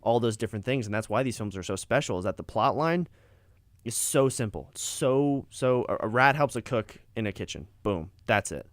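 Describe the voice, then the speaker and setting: A man's voice: medium pitch, expressive, normal speed, no room sound, studio quality. A young man co-hosting a podcast in casual chat, with a laid-back, chatty way of talking. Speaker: podcast co-host.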